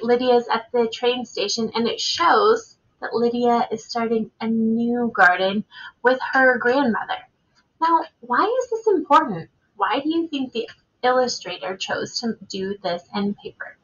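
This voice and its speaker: Bright-voiced woman teacher reading aloud. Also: fairly high pitch, husky, muffled recording. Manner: expressive read-aloud with questions and pauses. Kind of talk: recorded reading lesson for children.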